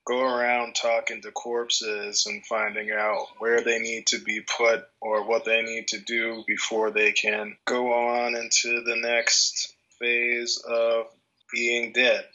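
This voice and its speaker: A man's voice: medium pitch, completely flat delivery, takes it slowly, pushed and bright. A man co-hosting a podcast in casual chat, rambling and hesitant as he searches for words. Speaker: podcast co-host. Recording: dull, muffled lo-fi sound.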